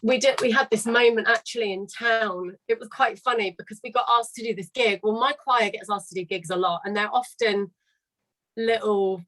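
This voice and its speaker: A woman's voice: medium pitch, poor audio. Chatty woman choir leader. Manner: chatty, candid, swears casually. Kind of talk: casual storytelling on a live call. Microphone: video call.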